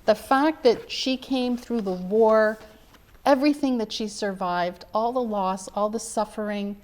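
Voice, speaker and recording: A woman's voice: medium pitch, a little mellow. A middle-aged woman, an author being interviewed, telling her family's story in an earnest, emphatic way. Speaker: author guest. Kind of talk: interview conversation.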